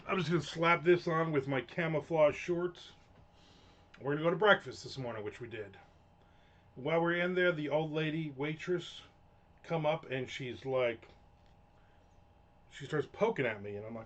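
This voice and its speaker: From a home room, a livestream host chats casually while writing, rambling through stories with frequent swearing in a profane, chatty storytelling manner. His voice is on the high side and a bit bright, at a moderate pace with frequent pauses, and the highs are cut off.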